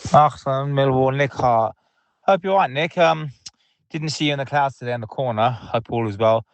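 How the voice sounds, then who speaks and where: A man's voice: mid-range voice, normal speed, no room sound. A man leaving an angry voicemail to a football podcast, ranting and swearing, fuming. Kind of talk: angry fan voicemail rant.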